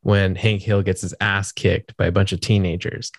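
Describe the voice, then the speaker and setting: A man's voice: deep voice, level tone, moderate pace, no echo, studio quality. A man in a casual podcast chat, enthusiastic and rambling, swearing casually. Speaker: podcast co-host or guest.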